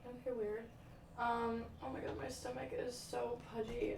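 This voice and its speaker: A young woman chats on a livestream in a dramatic, swear-heavy way, with lots of "like" and "um." Her voice sits a little high and sounds set back from the mic. The room gives it an echo over faint ambient noise. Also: flat delivery, a little slow, creaky, a little mellow, recorded from a distance. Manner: chatty, dramatic, swears freely, many "like" and "um" fillers. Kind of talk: casual chat, answering viewer comments.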